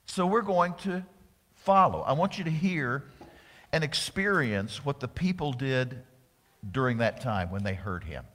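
A male pastor delivering a dramatic sermon in a church, swinging from loud exclamations down to whispers. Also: mid-range voice, animated, measured pace, in a large hall.

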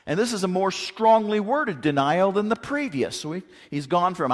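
A man preaching a sermon, animated, asking rhetorical questions and acting out the quotes he tells. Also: sits high, normal speed, few pauses. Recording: long reverb of a large hall.

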